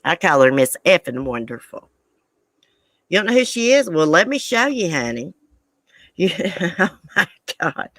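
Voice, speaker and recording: A woman's voice: fairly low pitch, sing-song, a little slow, pauses often, no room sound. A woman hosting a casual live chat with viewers, blunt and profane. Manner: blunt, angry and profane, then chatty. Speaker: livestream host.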